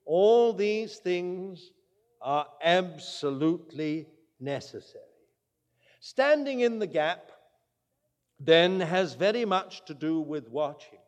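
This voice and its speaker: High-voiced man preaching in a reverberant hall. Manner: storytelling, emphatic, slows words for stress. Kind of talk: sermon.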